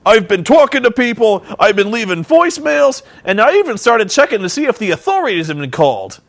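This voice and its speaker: A man's voice: high-pitched, sing-song, fairly quick, vocal fry, pitched above the performer's own voice, full character voice. A man imitating a flustered male wrestling commentator who earnestly lists what he has done.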